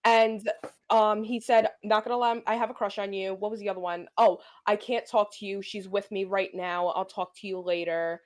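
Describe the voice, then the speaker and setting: A young woman on a podcast, one of its co-hosts, narrates a casual story in a mid-range voice at normal speed. Lively and profane, she acts out the things people said.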